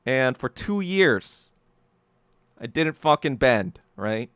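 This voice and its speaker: A man's voice: mid-range voice, very animated, slow pace, a bit bright, clear, resonant tone, no room sound. A man hosting a solo podcast, ranting heatedly and profanely, often stumbling and repeating words as he gets worked up. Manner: repeats and restarts words when agitated. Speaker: podcast host.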